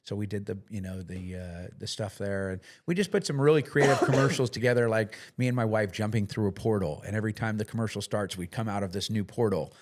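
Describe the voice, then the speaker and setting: Low-voiced man chatting as a podcast guest. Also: fast talker, few pauses. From United States. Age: middle-aged. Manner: plain-spoken, frequent fillers and restarts. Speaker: podcast guest, business owner. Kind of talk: casual interview talk.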